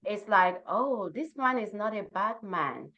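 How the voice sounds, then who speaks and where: A woman chatting on a panel, telling lively stories and acting out what people said. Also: medium pitch, unhurried. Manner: animated storyteller, slips into quoted voices. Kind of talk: casual panel chat. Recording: dull lo-fi sound.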